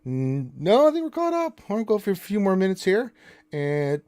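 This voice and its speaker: A man's voice: sits high, huge pitch swings, normal speed, darkish tone. A man hosting a casual live stream, answering chat questions and teasing viewers and his co-host with mock indignation.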